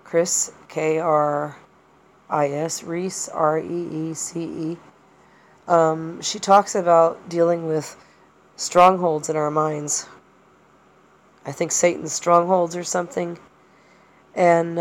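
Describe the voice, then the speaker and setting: A woman's voice: fairly low pitch, fairly even intonation, takes it slowly, long pauses. A woman hosting a podcast, talking through personal experiences in a rambling, hesitant way with many fillers and restarts. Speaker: podcast host. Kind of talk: personal monologue.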